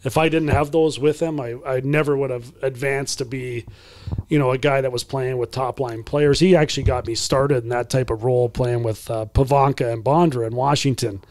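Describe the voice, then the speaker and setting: A man in his fifties, a podcast guest and former hockey player, telling stories in a casual, animated way and acting out the people in them. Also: mid-range voice, normal speed, dry recording. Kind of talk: casual storytelling.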